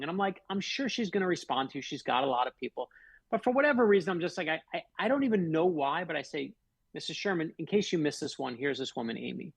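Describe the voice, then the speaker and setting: A man with a gravelly, slightly husky voice that sits a little high for a man, spinning personal stories on a talk show. He talks animatedly and acts out the quoted dialogue. The sound is dry and close. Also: animated, fast talker, dry recording, poor audio. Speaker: guest author. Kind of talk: storytelling in a radio interview.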